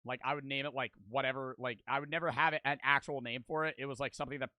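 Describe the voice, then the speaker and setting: A man's voice: medium pitch, steady tone, quick pace, bright, forceful tone, no echo. A man in casual chat, reacting to stories with incredulous, profane remarks.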